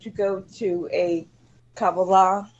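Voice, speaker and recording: A woman guest on a talk show, chatting casually and often pausing to search for words. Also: lowish voice, little pitch movement, slight background noise. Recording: dull lo-fi audio.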